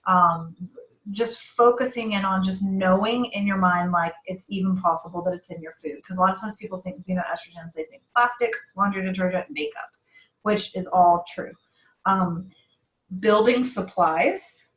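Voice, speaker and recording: Woman podcast host and health coach, casual animated monologue, mid-pitched, roomy echo. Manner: chatty, animated, quick asides and self-corrections.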